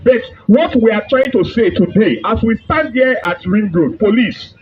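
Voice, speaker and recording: Nigerian male protest leader, high animated voice, shouting slogans outdoors on a dull lo-fi phone recording. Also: moderate pace, slight background noise. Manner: fiery, declamatory, shouting slogans. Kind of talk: rally speech to a crowd.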